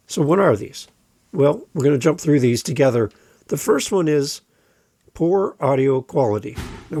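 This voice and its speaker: A man's voice: medium pitch, vocal fry, a little mellow, dry recording. A man hosting a podcast and coaching other podcasters, giving advice in a direct, emphatic way and repeating his key points. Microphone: close studio microphone.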